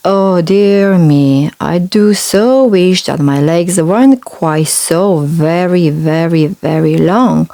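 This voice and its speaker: A woman's voice: on the low side, slow pace, few pauses, mellow, no room sound. A woman voicing a gloomy, sighing, very tall man in a children's storybook.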